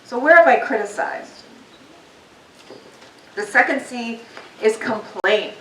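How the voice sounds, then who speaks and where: Speaking slowly in a voice on the high side and a bit bright, a woman addresses a live audience in a meeting hall as a guest speaker. Her personal motivational talk is candid and conversational, full of ums, and the distant, roomy recording carries faint noise.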